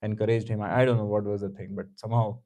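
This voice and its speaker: A man's voice: lowish voice, little pitch movement, fast talker, warm tone, rough recording. A man teaching a scripture class, telling a story conversationally with many asides and chuckles. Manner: conversational, lots of "you know", chuckling.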